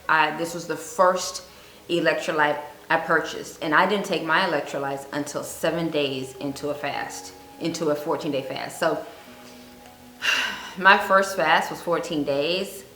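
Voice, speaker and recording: A woman giving earnest fasting advice on her vlog, telling a personal story and repeating points for emphasis. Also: low-pitched, steady tone, pushed and bright. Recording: echoey room with faint music.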